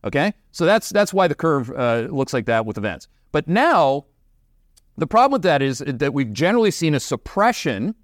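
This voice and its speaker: A Canadian man hosts a market commentary show as an investment show host, speaking bluntly and emphatically and using plenty of fillers. His pitch is medium. The recording is clean studio sound with no room sound.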